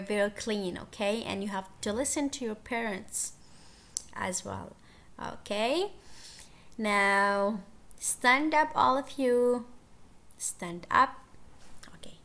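A woman teaching English to young children, repeating simple words slowly and encouraging her pupils. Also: fairly high pitch, a bit bright. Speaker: first-grade English teacher.

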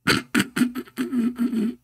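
A man's voice: extremely high pitch, flat delivery, drawn-out words, fairly bright tone, husky. A man in a live-streamed religious debate, mocking and sarcastic, who laughs at his own jabs, reads passages aloud and acts out the voices he quotes, speaking English with non-native grammar. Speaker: online debater.

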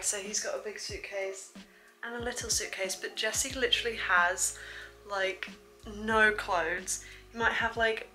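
A young woman chats to camera, full of "like" fillers as she tells her story. Her voice is bright and clear. Faint background music plays under her. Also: mid-range voice, rough recording. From England. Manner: chatty, says "like" a lot. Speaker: vlogger.

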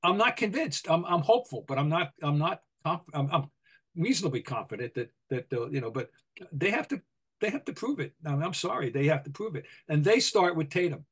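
An older man with a Boston accent, co-hosting a sports podcast, opinionated and full of halting restarts. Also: fairly high pitch, animated, fairly bright tone, husky. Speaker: podcast co-host, basketball writer. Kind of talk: casual sports talk.

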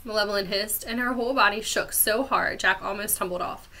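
A woman teacher reading a chapter book aloud to her class with expressive storytelling. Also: medium pitch, fairly quick, hardly any pauses.

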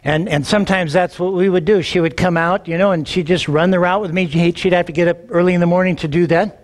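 A middle-aged man, a pastor, telling a personal story in a sermon, animated and acting out the dialogue, often repeating words as he gets going. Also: sits high, fast. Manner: animated, acts out quoted dialogue, repeats words when excited.

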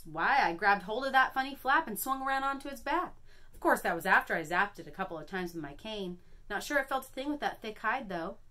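A woman's voice: medium pitch, lively intonation, a little fast, bright, forceful tone, voice pushed up. A woman voicing Ma, a stern older woman who mentors a young magic apprentice, talking in a firm, lecturing way.

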